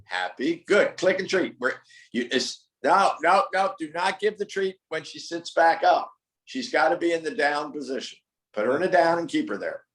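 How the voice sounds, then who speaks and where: Animated and a bit bright, a man with a slightly high voice speaks at a moderate pace in an echoey room, captured on a rough recording. He coaches a dog owner through training drills over a call, firmly correcting and repeating instructions.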